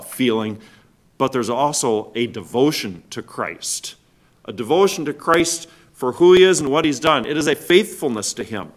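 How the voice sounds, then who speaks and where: The congregation hears rhetorical questions from their pastor, a man with a mid-range voice. His preaching moves back and forth between loudly stressed words and quiet drops.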